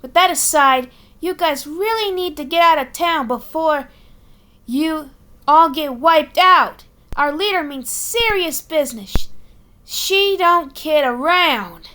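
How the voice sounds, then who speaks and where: A woman's voice: high-pitched, lively intonation, slow, bright, forceful tone, pitched above the performer's own voice, full character voice. A woman voicing a tired young male eaglet with a Boston accent who gives blunt warnings. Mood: urgent.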